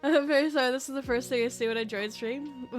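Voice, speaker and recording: A woman livestreamer chatting casually with her viewers, excitable and chatty, swearing often. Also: high-pitched, normal speed, soft background music. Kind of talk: casual live-stream chat.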